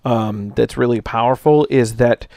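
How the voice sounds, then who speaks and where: A man's voice: medium pitch, normal speed, creaky, dark tone, no echo, studio quality. A man co-hosting a casual podcast, upbeat and affirming as he talks through donations and plugs the show. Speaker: podcast co-host.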